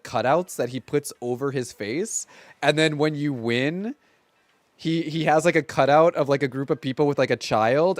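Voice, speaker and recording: A man's voice: mid-range voice, a little hiss or hum. A man in his thirties chatting casually on a live stream from home, rambling along with lots of filler words.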